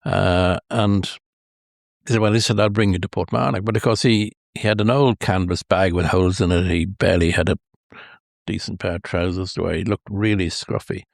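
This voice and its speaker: Older Irish guest, deep-voiced, spins long hesitant anecdotes. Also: male voice, fairly even intonation, normal speed, gravelly, no room sound, clean studio sound. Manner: rambling, many hesitations, chuckles at his own stories. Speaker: golf historian guest. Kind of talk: anecdotal storytelling interview.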